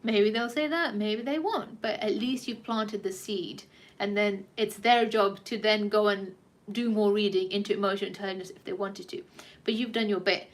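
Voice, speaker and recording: A woman's voice: mid-range voice, steady tone, normal speed. A woman who works as a personal trainer and life coach, talking casually to camera in a chatty, frank way with some swearing, rambling as she acts out little conversations.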